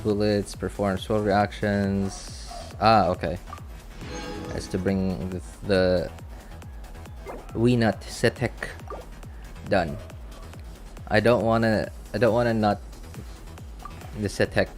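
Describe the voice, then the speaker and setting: Keep it loose and a touch low, like a man chatting over his game stream, tripping over restarts and chuckling at yourself, with faint game music running under you. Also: steady tone, takes it slowly, long pauses. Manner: rambling, self-mocking, laughs often. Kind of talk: casual live-stream chat.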